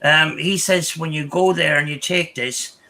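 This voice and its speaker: A man's voice: a little high, fairly even intonation, unhurried, pushed and bright, low-quality recording. A man hosting a podcast, telling a story in casual chat, rambling with many restarts and "I says". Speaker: podcast host.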